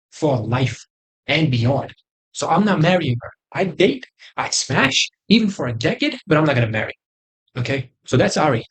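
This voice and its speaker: A young man hosting a crude comedic tier list, boastful and rambling, with sudden loud outbursts. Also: on the high side, breathy edge. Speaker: host.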